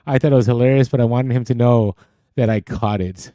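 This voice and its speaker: A man's voice: medium pitch, steady tone, brisk, warm tone, dry recording. A man co-hosting a casual podcast, reading out listener comments and laughing often, speaking close into a studio mic. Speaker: podcast co-host. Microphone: podcast studio mic, too close at times.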